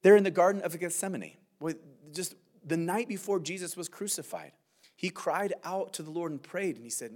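A man's voice: fairly high pitch, moderate pace, a little mellow. A male pastor giving a verse-by-verse sermon, earnest and conversational, often saying "man" and asking "right?".

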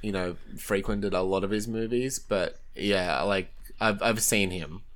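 A man co-hosts a casual podcast, laid-back and sweary. His voice sits a little lower than most men's. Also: unhurried, a bit bright. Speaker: podcast co-host. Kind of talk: casual chat.

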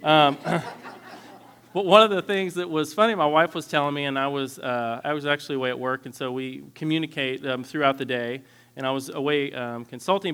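A man in his thirties giving a candid, earnest lecture on parenting styles, often clearing his throat. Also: on the high side, fairly bright tone. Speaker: parenting instructor.

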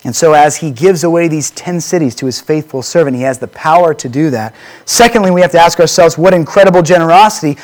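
A man's voice: on the high side, fast, darkish tone. A man preaching a sermon, reading scripture and putting questions to the congregation in an earnest way. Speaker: pastor.

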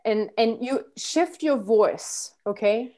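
A woman's voice: a little high, slow, warm tone. A woman acting coach giving workshop instructions, encouraging, with stammered restarts and repeated words.

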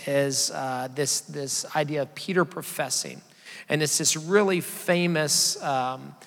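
Guy preaching a sermon, kinda high voice, gravelly, chatty with the crowd. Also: fairly bright tone. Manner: conversational, asks the congregation to call out answers. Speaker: pastor. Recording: long hall reverb.

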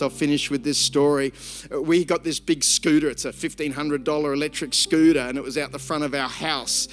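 A man, preaching a sermon and telling a lively personal story with many restarts. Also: sits high. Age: 50s. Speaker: pastor.

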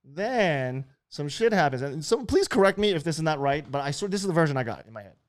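A man's voice: on the high side, quick pace. Brash swearing man. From Hawaii. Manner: brash, swearing, animated bursts. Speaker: host. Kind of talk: casual profane chat.

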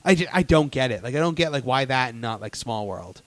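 A man's voice: mid-range voice, animated, fairly quick, a bit bright, no room sound. A man hosting a casual theme-park chat, telling stories eagerly with many fillers and restarts. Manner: enthusiastic storyteller, lots of fillers and restarts.

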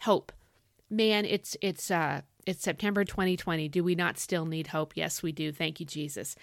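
A middle-aged woman hosts a Bible teaching podcast, animated and excitable, folksy in her talk. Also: deep voice, normal speed, creaky, no echo, clean studio sound. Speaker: podcast host.

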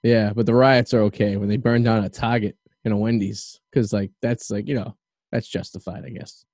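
Mellow-voiced man hosting a podcast. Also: lowish voice, fairly even intonation, normal speed, dry recording, studio quality. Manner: rambling, opinionated, with lots of fillers. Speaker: podcast host. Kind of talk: casual podcast chat.

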